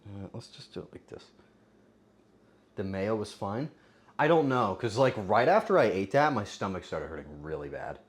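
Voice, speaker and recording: A man streaming casually while cooking and tasting, joking crudely and bursting into loud exclamations. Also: fairly low pitch, very animated, moderate pace, a little hiss or hum. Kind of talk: casual cooking livestream chatter.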